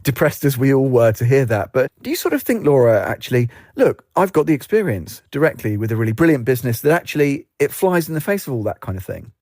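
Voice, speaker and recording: Man, interviewer, mellow dark tone, dry close sound, hedging long questions. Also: mid-range voice, sing-song, quick pace, hardly any pauses, dry recording.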